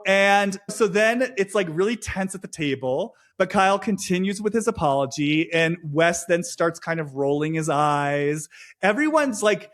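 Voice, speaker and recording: A man co-hosting a podcast in a casual chat, talking fast and acting out quoted lines in changed voices. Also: on the high side, fairly bright tone. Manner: swears freely, says "like" often. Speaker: podcast co-host.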